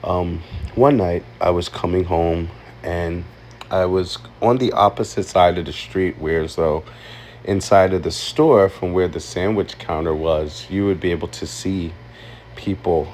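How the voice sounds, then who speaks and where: A man telling a painful personal story, halting and emotional, close to tears. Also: low voice, a little mellow, slight background noise. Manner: emotional, halting, with many ums and likes. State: tearful. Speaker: vlogger.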